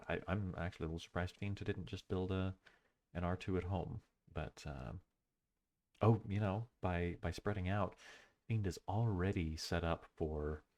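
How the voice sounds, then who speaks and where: Male replay commentator, low voice, hesitant and thoughtful, casual home-recorded delivery. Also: vocal fry, a little mellow. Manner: thoughtful, hesitant, many fillers and self-corrections.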